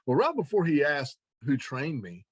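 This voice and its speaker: A man telling an animated anecdote as an interview guest, acting out the other people's lines and laughing along. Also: a little high, moderate pace, slight background noise. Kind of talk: casual storytelling.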